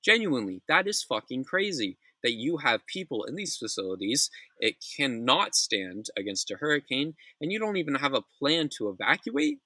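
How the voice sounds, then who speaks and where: A man's voice: mid-range voice, sing-song, moderate pace, few pauses, pushed and bright, dry recording, low-quality recording. A young man hosting a casual news commentary show, blunt, opinionated and profane, often restarting his sentences.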